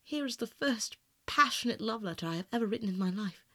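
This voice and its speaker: A man's voice: high-pitched, expressive, fairly quick, a bit bright, no echo, exaggerated voice. A man reading aloud, voicing a passionate, self-absorbed young male aristocrat with earnest, pleading outbursts, in a dry, close sound. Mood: musing. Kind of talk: audiobook narration.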